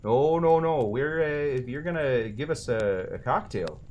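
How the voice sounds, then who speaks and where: A man's voice: mid-range voice, lively intonation, measured pace, a little mellow, dull audio, slight background noise, natural voice. A man voicing a folksy Midwestern drinker in a put-on Minnesota accent, emphatic and drawling. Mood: insistent.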